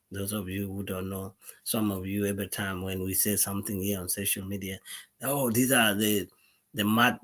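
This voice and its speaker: A middle-aged man from South Sudan, with a South Sudanese accent and a lowish, breathy-edged voice, speaks as a war veteran to his followers in a live social media monologue. He's earnest and emphatic, often repeating words and restarting sentences.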